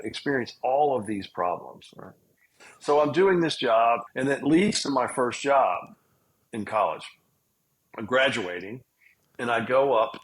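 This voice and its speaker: A man's voice: mid-range voice, a bit bright, poor audio. A man, a guest telling long, rambling stories in an interview. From Southern United States. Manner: rambling, self-aware storyteller. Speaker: guest, healthcare entrepreneur and investor. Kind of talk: storytelling interview.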